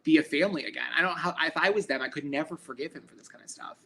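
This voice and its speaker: A man co-hosting a podcast in casual chat, emphatic and quick to exclaim. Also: fairly high pitch, sharp tone, slightly rough. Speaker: podcast co-host. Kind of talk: casual chat recapping a reality show.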